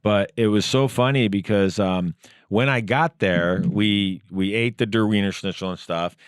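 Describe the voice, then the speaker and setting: A man hosting a podcast, spinning an animated story in relaxed, casual chat. His voice sits on the low side and is recorded close and dry in a studio, with no room sound. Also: unhurried, smooth, no room sound. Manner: animated storyteller who reads text messages aloud. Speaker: podcast host.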